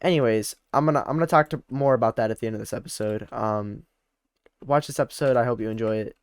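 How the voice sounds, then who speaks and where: A man's voice: medium pitch, quick pace, smooth, no echo. A young man narrating his gameplay casually, rambling and often correcting himself mid-sentence. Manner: rambling, self-correcting, repeats words. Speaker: let's play host.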